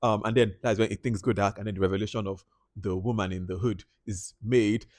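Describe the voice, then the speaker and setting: A man's voice: lowish voice, fairly quick, no echo. Chatty male film reviewer, dry sound. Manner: chatty, animated, heavy use of "like". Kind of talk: casual spoken movie review.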